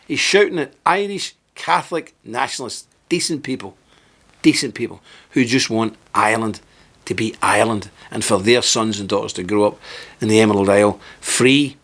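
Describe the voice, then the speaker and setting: A man's voice: medium pitch, a bit bright. A man hosting a political commentary monologue, talking in an indignant, emphatic way and firing off rhetorical questions. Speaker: host.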